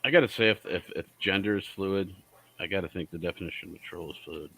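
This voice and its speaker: A man's voice: deep voice, fast talker, sharp tone, a little hiss or hum, poor audio. A man in a casual group chat who rambles and trips over his words.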